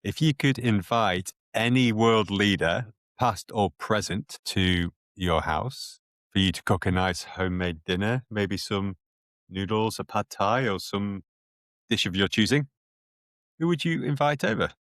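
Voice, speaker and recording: Co-host: deep-voiced man, soft-spoken, low-key, dry close sound. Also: a little slow, dry recording. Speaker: podcast co-host. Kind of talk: casual chat.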